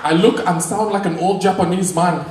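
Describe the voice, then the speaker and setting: A comedian puts on an old statesman who delivers a silly appeal in a loud, theatrical voice pitched far above his own. The room is echoey and the mic sits far off, with a crowd around. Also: steady tone, moderate pace, background noise, close to an everyday voice. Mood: hammy.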